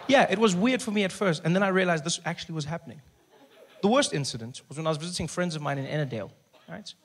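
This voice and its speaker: A man telling a stand-up comedy story, acting out other people in hushed and loud voices. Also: a little high, a little hiss or hum. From South Africa. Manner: animated, acts out characters in hushed and loud voices.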